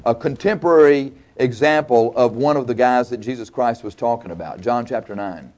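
A man's voice: medium pitch, normal speed, darkish tone, highs cut off. A man preaching a sermon, retelling stories in a folksy, colloquial, dramatic way. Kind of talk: sermon, storytelling.

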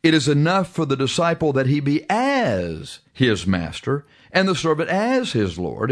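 Male radio preacher, emphatic, slow drawn-out stresses broken by quick bursts, reads old scripture wording. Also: medium pitch. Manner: emphatic, drawn-out preaching with sudden fast stretches. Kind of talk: radio sermon with scripture reading.

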